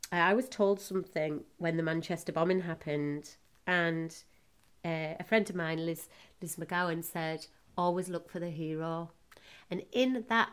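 A middle-aged woman hosting a podcast, telling a personal story emotionally, with halting restarts. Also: fairly low pitch, clean tone. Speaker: podcast host.

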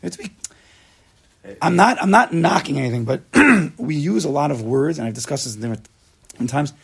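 Gravelly, husky man teaching a class. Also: fairly high pitch, fast talker. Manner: animated, rhetorical questions, repeats himself. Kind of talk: informal religious class.

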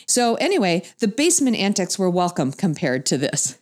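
A woman's voice: fairly quick, few pauses. A middle-aged woman, a mother, telling a humorous family story to an audience and acting out the voices she quotes. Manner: animated, acts out quoted voices with big pitch jumps.

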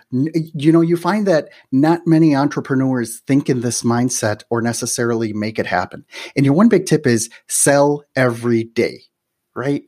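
A man's voice: mid-range voice, darkish tone. A man with a Midwestern American accent hosting a podcast interview, telling stories in a chatty way full of "you know" and "right". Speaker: podcast host. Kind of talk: casual interview chat.

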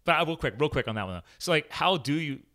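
A man in his thirties hosts a relaxed conversation, talking fast and tumbling over his own restarts. His voice is bright and forward, and he laughs easily between stories. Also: on the high side. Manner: rambling, self-interrupting, quick to laugh. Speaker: podcast host, former hotshot firefighter. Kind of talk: casual chat.

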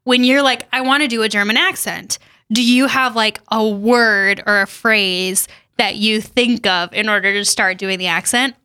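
A woman hosting a podcast in casual chat, playful and quick with jokes and laughs, on a close, dry mic. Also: mid-range voice, steady tone, bright, forceful tone, no echo. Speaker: podcast host.

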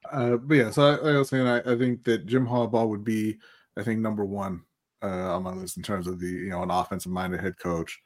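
A man's voice: fairly low pitch, little pitch movement, a little fast. A man co-hosting a casual sports talk show, rambling with lots of fillers and restarts. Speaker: podcast co-host.

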